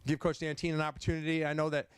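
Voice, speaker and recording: A man in his forties, a head football coach giving a banquet speech, talking in halting, stammering repeats and getting emotional at times. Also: on the high side, flat delivery, clear, resonant tone, no room sound, studio quality. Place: banquet hall, indoors.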